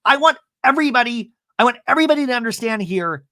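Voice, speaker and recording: A man doing a shrill, defiant middle-aged woman. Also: lively intonation, fast, dry recording, studio quality, exaggerated voice. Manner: loud, emphatic, self-righteous. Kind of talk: comedic impression in a recap.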